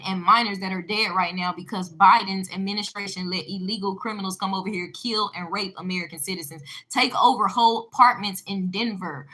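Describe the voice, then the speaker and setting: A woman's voice: medium pitch, sharp tone. A woman giving an emphatic, preachy monologue straight to her viewers, mixing in religious asides. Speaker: online commentator answering a viewer. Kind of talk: casual ranting monologue.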